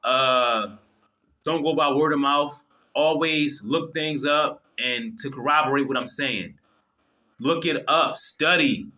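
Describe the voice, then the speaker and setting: A man preaching straight to his viewers in a fervent, profane stream. His voice is bright and forceful, with the pitch sitting in a middle range. He keeps stumbling and restarting as his words pile up. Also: slow. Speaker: video host. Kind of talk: impassioned religious monologue.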